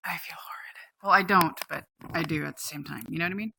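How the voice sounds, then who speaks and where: A woman's voice: fast, gravelly, slight background noise, rough recording. A woman in her thirties from Maryland chatting frankly on a home livestream, trailing off and correcting herself as she goes. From Maryland, USA. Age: 30s. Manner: switches to high excited baby talk for her pets. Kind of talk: casual livestream chat.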